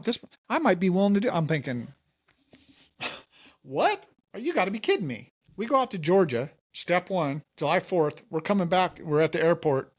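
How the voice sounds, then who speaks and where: A man, a mortgage company founder, telling his story in a casual interview and acting out the dialogue. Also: on the high side.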